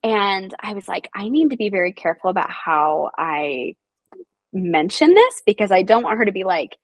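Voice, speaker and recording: A woman's voice: mid-range voice, moderate pace, dry recording, low-quality recording. A young woman, a nursing assistant guest, telling stories casually and acting out the voices of people she quotes. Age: young adult. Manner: animated, acts out quoted voices. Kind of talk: casual storytelling.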